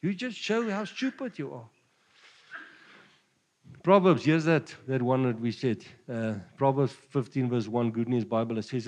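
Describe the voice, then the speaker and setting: A man with a South African Afrikaans accent preaching a sermon, jovial and quick to chuckle between points. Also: medium pitch, darkish tone, big-room sound. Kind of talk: sermon mixing Afrikaans and English.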